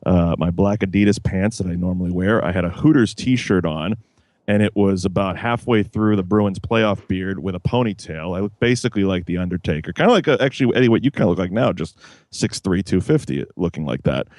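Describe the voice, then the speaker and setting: A man telling stories in a relaxed podcast chat, co-hosting with friends. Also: low-pitched, brisk, no echo. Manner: laid-back storyteller, chuckles often. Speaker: podcast co-host.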